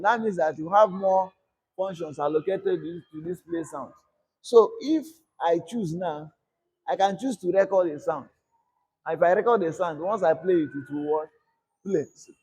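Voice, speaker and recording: A man's voice: high-pitched, darkish tone, breathy edge. A man teaching a screen-recorded coding lesson, often asking a question and answering it himself. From Nigeria. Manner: repetitive call-and-response teaching, asks "what?" and answers himself. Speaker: coding instructor.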